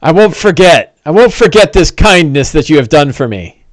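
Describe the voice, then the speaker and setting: A man voicing a wounded bandit in a tabletop game, humbly thankful one moment and crowing the next. The voice sits fairly high and swings widely in pitch, recorded dry and close. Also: big pitch swings, moderate pace, no echo. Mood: meek, grateful. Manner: meek thanks turning to gloating shouts. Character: treacherous wounded male bandit, fake grateful.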